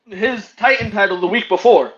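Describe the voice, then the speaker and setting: Wrestler guest, male, high animated voice, mock-boastful trash talk, slightly muffled lo-fi audio. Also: moderate pace, background noise. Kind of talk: casual podcast chat.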